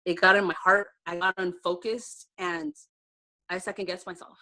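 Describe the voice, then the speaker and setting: This direct-sales team leader is very animated as she tells her personal success story on a video call, heartfelt and conversational and full of fillers. Her voice is mid-range and creaky with a sharp tone, delivered at normal speed.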